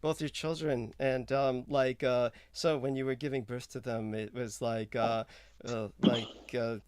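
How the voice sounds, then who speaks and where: A man's voice: medium pitch, level tone, measured pace, a little mellow, smooth, no room sound. A man hosting a casual chat, talking hesitantly with many fillers and restarts. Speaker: host.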